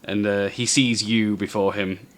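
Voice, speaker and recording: A man narrating a tabletop game as game master, telling the scene in an unhurried, descriptive way. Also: on the low side, steady tone.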